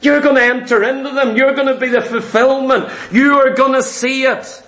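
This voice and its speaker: A man with a very high voice delivers a sermon with emphatic, repetitive phrasing. His words ring out in an echoey room. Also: steady tone, moderate pace. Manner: emphatic, repetitive preaching, rising to shouts. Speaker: preacher.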